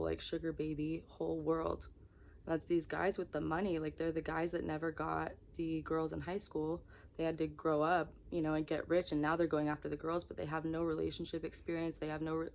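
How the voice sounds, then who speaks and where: Tired young woman rambling to her camera, kinda low voice, raw and candid. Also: gravelly, a little hiss or hum. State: exhausted. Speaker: vlogger. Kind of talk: confessional vlog talk to camera.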